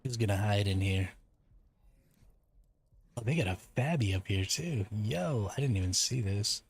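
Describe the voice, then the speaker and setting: A man's voice: on the low side, lively intonation, measured pace, gravelly, breathy edge. An American man streaming a survival game, ranting and swearing casually about broken updates. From United States.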